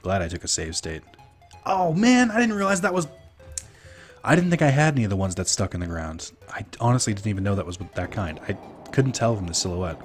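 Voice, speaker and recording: A fairly low-voiced man from Minnesota streaming a video game. He gives loose, profane commentary and laughs as he chats with his viewers. Faint game music plays in the background. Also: expressive, fast. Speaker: let's play streamer. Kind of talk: casual gameplay commentary.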